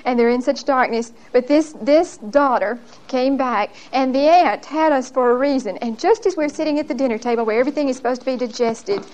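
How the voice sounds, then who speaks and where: A woman's voice: high voice, rough recording. A woman giving a Bible lesson. She tells her stories in an emphatic, folksy way and often laughs as she talks. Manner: lively, laughs often while telling stories. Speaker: Bible teacher.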